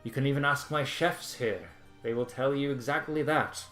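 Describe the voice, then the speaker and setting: Guy doing a high gushing vampire lord, showy and grand, echoey room. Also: moderate pace, fairly bright tone, faint music behind, close to an everyday voice. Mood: smooth. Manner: grandiose, overly gracious. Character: suave male vampire lord, theatrical host.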